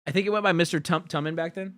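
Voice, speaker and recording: A man streaming live, reading out survey results in loud, profane, sarcastic casual commentary. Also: on the high side, very fast.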